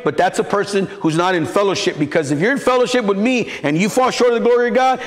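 A man, a pastor preaching a sermon in an animated, conversational way. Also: high voice. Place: church sanctuary. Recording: echoey hall with long reverb.

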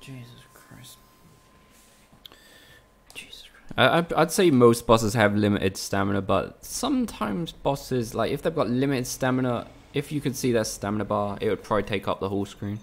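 A man with a low, gravelly voice commentates his game live for viewers. He grumbles and swears freely, keeping a casual, joking banter going. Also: fast, hardly any pauses. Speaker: streamer.

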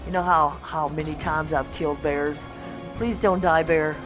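A woman hosting a casual let's-play, chatting to the animals in her game in a coaxing, excitable way. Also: sits low, normal speed, over music. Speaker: gaming channel host.

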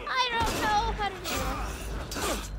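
A young woman streams herself playing a video game, talking casually to herself in a high-pitched voice. She's chatty and quick to apologize and laugh.

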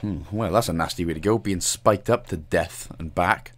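A man's voice: low voice, moderate pace, few pauses, a bit bright. A young man with a Welsh accent talks through a game walkthrough in a chatty, cheeky way, joking and laughing as he plays. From Wales. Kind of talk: casual gameplay commentary.

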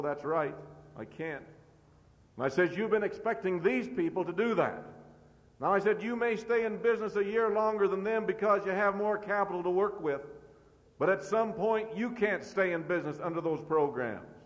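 A middle-aged American man who leads a farm organization, giving a convention speech with forceful, repetitive rhetoric. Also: high voice, dull audio. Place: large convention hall. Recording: echoey hall, old cassette tape.

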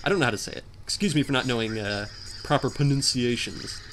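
A young man giving jokey, animated commentary while playing a hard video game, often shouting in frustration. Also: mid-range voice, fast, slight background noise. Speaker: gameplay commentator. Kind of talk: let's play commentary.

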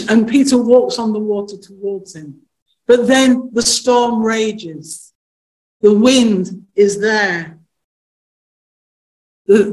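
A woman minister delivers a sermon at a medium pitch. She preaches earnestly, presses her listeners with rhetorical questions, and slows down to lean on the phrases she wants to land. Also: a little mellow, rough recording.

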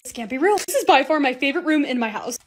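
A woman's voice: high-pitched, lively intonation, quick pace. A young woman narrating her lifestyle vlog in a bubbly, upbeat, casual voice-over. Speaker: lifestyle content creator.

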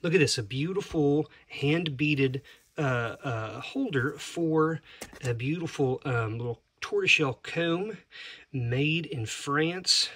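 A man vlogging as a reseller, unboxing items in excited, halting casual commentary that sometimes drops to a whisper. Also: a little high, husky, no room sound.

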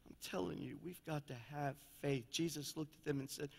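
A man preaching a sermon as pastor, telling stories in a folksy way and swinging between loud and quiet passages. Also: on the high side, brisk, creaky, few pauses. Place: church sanctuary. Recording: long church reverb.

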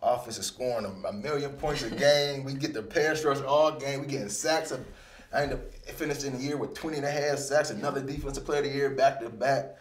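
A man in his thirties, a retired football player, telling stories from his career in a casual, rambling interview, sometimes jumping into animated bursts. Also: mid-range voice, brisk, slight background noise. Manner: relaxed, rambling, with animated bursts when quoting himself. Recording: roomy echo.

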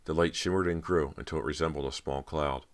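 Very deep-voiced male narrator. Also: fairly even intonation, brisk. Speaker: audiobook narrator. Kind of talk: scripted audiobook narration.

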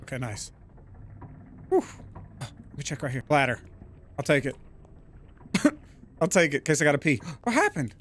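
A man giving casual, profane gameplay commentary, prone to loud excited outbursts. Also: on the high side, normal speed, long pauses. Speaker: gaming YouTuber.

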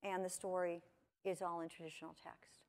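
A woman giving a lively conference talk to teachers, asking her audience lots of questions. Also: lowish voice, normal speed. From United States. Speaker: conference presenter. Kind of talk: lecture to teachers. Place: conference hall.

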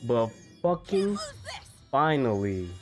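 A young man giving casual, excitable commentary on a mobile game, swearing freely and laughing often. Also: mid-range voice, slow, soft background music. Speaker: gaming YouTuber.

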